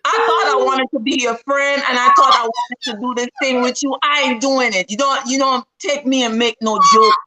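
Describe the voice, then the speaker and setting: High bright-voiced Jamaican woman teasing. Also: moderate pace, few pauses, a little hiss or hum, rough recording. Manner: playful, teasing, loud and animated. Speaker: party guest. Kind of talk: casual chat. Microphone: video call.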